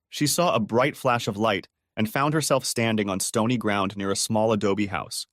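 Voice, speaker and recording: A man narrating a dramatic story audiobook in an expressive storytelling manner, dropping low on dialogue tags. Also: moderate pace, hardly any pauses, no echo, clean studio sound. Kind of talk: scripted narration.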